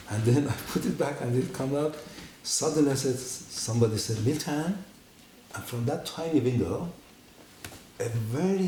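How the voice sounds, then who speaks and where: Guy telling his testimony in a church, voice jumps high when he quotes people, echoey hall, bit of hiss. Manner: animated storytelling, acting out quotes with big pitch jumps. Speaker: guest giving a testimony. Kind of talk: personal testimony story.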